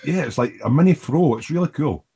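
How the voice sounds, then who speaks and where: A man's voice: fairly high pitch, lively intonation, fairly quick, gravelly, warm tone, slightly rough. Jokey Edinburgh-accented male host. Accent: Edinburgh Scottish. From Scotland. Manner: jokey and rambling, with teasing asides. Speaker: host of a live online hangout. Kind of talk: casual chat, reading viewer comments aloud.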